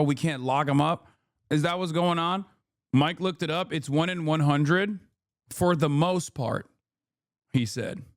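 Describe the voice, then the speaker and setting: A man's voice: fairly high pitch, dry recording, clean studio sound. A man in his thirties commenting on a debate clip in casual, emphatic, argumentative talk with some swearing. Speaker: streamer reacting to a debate clip.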